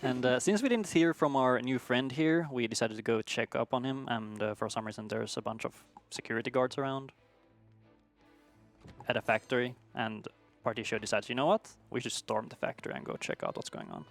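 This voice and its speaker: Man, gravelly, laid-back, narrating a game run. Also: mid-range voice, brisk, soft background music. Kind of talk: casual commentary.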